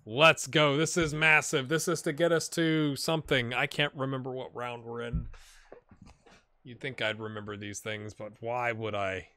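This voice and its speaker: A man giving casual, animated commentary while playing a football management game, cheering on and talking to his players. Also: mid-range voice, moderate pace. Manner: animated, talks to his players, puts on silly voices.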